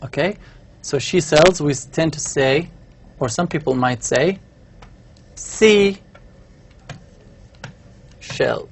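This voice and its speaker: A man's voice: on the high side, a little slow, a little hiss or hum. A man giving a university lecture, explaining step by step while writing on a board and often checking in with the class. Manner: writes on a board while talking.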